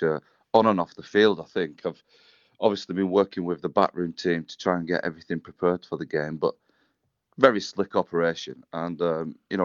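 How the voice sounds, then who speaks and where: This is a low-voiced man with a northern English accent who talks in a relaxed, modest way and keeps calling his hosts mate. He comes through a dull, lo-fi line with a dry sound, talking from his office. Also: no room sound. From England. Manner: laid-back, self-deprecating, says mate. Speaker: rugby league club general manager. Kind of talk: casual radio chat by phone.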